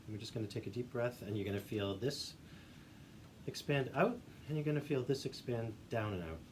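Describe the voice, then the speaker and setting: A male voice teacher calmly guiding a singing warmup, giving encouraging instructions. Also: medium pitch, a little fast. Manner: demonstrates hums and vocal sounds. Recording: faint background noise.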